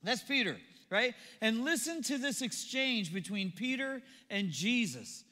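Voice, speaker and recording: A man preaching a sermon as pastor, animated, acting out the people in the story as he goes. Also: very high-pitched, a little slow, big-room sound. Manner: animated, acts out quoted voices. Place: church auditorium.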